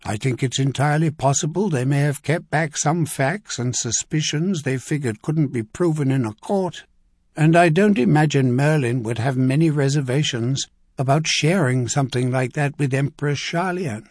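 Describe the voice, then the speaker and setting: A man's voice: fairly high pitch, normal speed, darkish tone, dry recording, lightly acted. A man voicing a dry, wry older duke in an audiobook.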